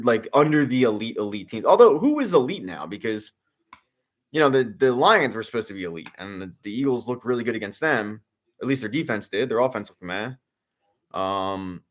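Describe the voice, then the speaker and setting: A young man casually chatting and reacting during a live sports watch-along, rambling with lots of fillers and the odd curse. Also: on the low side. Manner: rambling, filler-heavy, excitable sports fan, swears. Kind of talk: casual live commentary and chat.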